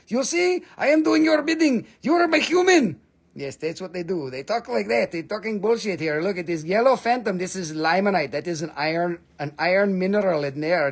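A man with a slightly high voice hosts a live-stream crystal sale. He jokes and gets excited as he shows each piece. His English carries non-native phrasing throughout. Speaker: host of a live mineral sale. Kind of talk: live-stream sales pitch.

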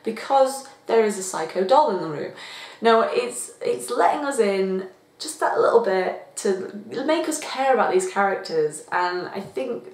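A woman giving a chatty, expressive movie review, talking casually to her viewers. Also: mid-range voice, measured pace. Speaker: film reviewer. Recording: echoey room.

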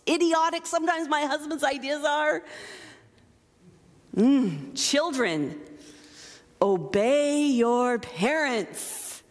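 A woman pastor preaching a sermon, animated and playful, with self-mocking asides. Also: high voice, big-room sound. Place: church sanctuary.

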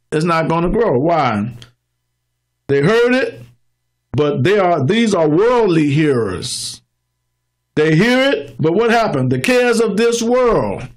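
Male pastor, higher-pitched voice, teaching sermon with plain everyday examples. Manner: explains scripture in plain examples, slows down to read verses and acts out churchgoers.

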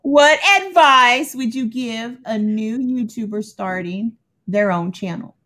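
A woman chatting casually as a YouTube host, animated and quick to exclaim. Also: fairly high pitch. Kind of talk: casual chat.

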